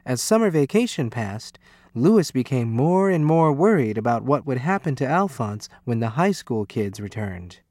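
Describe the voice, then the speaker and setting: A man reading a children's storybook aloud in an expressive, animated way. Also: medium pitch, moderate pace, dry recording.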